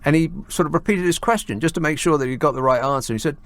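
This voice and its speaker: A man's voice: fairly high pitch, fast talker, hardly any pauses, no room sound. Sardonic male late-night radio host. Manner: sardonic, mocking asides.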